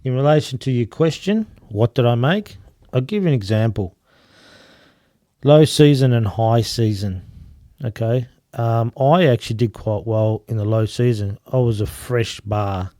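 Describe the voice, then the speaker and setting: A man's voice: medium pitch, unhurried, mellow, no echo, studio quality. A man chatting casually as a guest, telling stories about running a bar and laughing at his own anecdotes. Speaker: guest, former bar owner. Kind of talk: casual storytelling chat.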